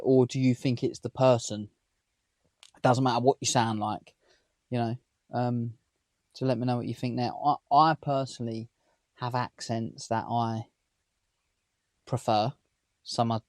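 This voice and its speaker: A man in his thirties from England, with a southern London-area accent, rambles chattily to camera from inside a parked camper van, asking his viewers questions. He's a vlogger with a medium-pitched, slightly mellow voice, recorded dry and close with no room sound.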